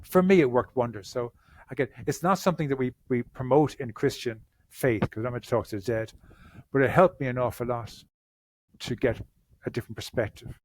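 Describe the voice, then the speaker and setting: A man speaks as a therapist on a podcast. His voice sits at an ordinary middle pitch, and his delivery is earnest. He often restarts his sentences with repeated words. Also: fairly quick, darkish tone. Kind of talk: conversational interview answers.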